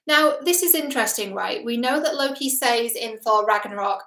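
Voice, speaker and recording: A woman's voice: fairly high pitch, animated, normal speed, a bit bright. A woman hosting her own show as a relationship coach, chatting through a film analysis in an emphatic way and often asking the listener questions. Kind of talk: casual film analysis commentary. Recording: roomy echo.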